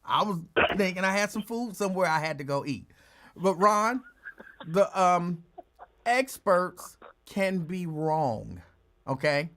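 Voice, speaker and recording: Chill podcast guy just talking, voice bounces up and down a lot. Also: slow pace. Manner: laid-back, conversational, lively pitch, playful voices for a dog. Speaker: podcast host. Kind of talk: casual podcast chat.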